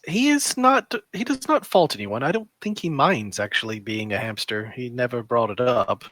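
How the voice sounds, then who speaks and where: Calm, lively-pitched game player. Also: normal speed, no room sound. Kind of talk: in-character role-play.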